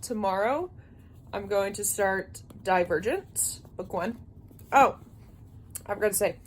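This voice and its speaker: A woman's voice: unhurried, a little hiss or hum. Young female booktuber, exhausted and drowsy, chatting casually at night. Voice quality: sleepy, low-energy delivery. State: tired, yawning. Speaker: book vlogger. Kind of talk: casual late-night vlog.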